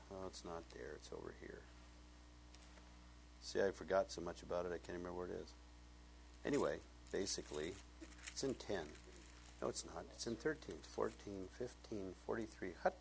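A man preaching as a pastor, telling a personal story with lively acted-out dialogue that swings up high when he gets excited. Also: normal speed, vocal fry, pauses often, a little hiss or hum. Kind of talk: sermon with storytelling.

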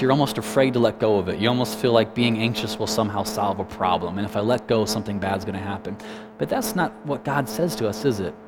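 A man's voice: mid-range voice, rough recording. Man preaching casually over music. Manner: casual, many asides, asks the listeners questions. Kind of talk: conversational sermon. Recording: music playing clearly behind.

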